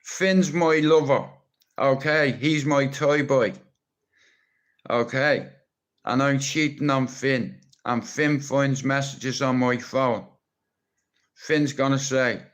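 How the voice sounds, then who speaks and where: Irish guy on a live stream, talks slow, blunt, swears a lot and teases his mates. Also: mid-range voice, fairly even intonation. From Ireland. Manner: rambling, blunt, swearing, teasing. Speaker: livestreamer. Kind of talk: rambling live stream monologue.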